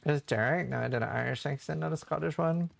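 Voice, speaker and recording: A man's voice: on the high side, quick pace, gravelly. A male streamer telling stories in casual livestream chat, rambling with lots of fillers. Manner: rambling storytelling, heavy on fillers.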